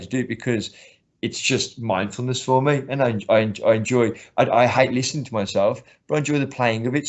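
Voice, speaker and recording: A man who coaches martial arts, talking earnestly in a casual interview and often restarting his sentences. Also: mid-range voice. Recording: slightly muffled lo-fi recording.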